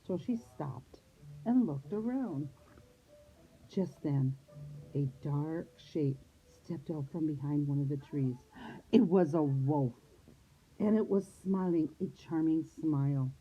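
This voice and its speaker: Here a woman teacher with a low, slightly rough voice reads a storybook to little ones at a somewhat slow pace. She tells it expressively, shifting into character voices, and the audio has a lo-fi, phone-like sound.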